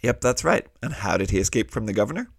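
Gravelly man hosting a Bible lesson. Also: on the low side, lively intonation, quick pace, dry recording, studio quality. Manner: friendly, explaining with questions. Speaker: host.

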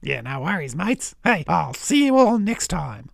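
Loud slangy aussie-accent crow bloke, gravelly, bouncy pitch, a man putting it on. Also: very animated, a little slow, dry recording, clean studio sound, exaggerated voice. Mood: jokey. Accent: put-on Australian. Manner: brash, jokey, slangy. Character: bright orange male crow with Australian bluster. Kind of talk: children's podcast puppet comedy.

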